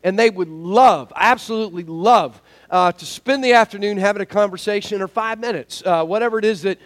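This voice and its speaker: A man preaching a sermon as pastor, in a folksy, animated storytelling manner with lots of fillers. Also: high-pitched, brisk.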